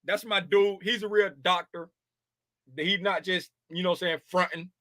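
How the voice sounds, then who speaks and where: A man's voice: high-pitched, steady tone, moderate pace, sharp tone, no echo. A man in his fifties hosting a casual trading livestream, joking and slangy and laughing often. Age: 50s.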